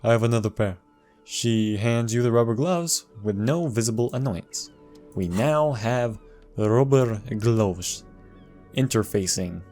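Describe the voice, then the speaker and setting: A man's voice: mid-range voice, a little slow, darkish tone, faint music behind. A man casually commenting on a video game walkthrough, reading the game's text aloud and adding dry jokes.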